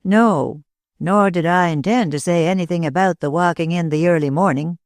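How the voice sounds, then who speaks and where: A man's voice: a little high, normal speed, no room sound, clean studio sound, pitched above the performer's own voice, lightly acted. A man voicing a persistent, lovesick male detective in an audiobook, speaking earnestly.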